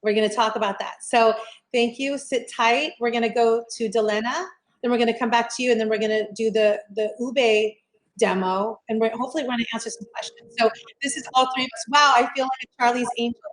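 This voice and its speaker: A woman's voice: a little high, fairly even intonation, quick pace, poor audio. Upbeat chatty woman hosting a call. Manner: upbeat, chatty, repeats herself while planning aloud. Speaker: host. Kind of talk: casual video-call interview.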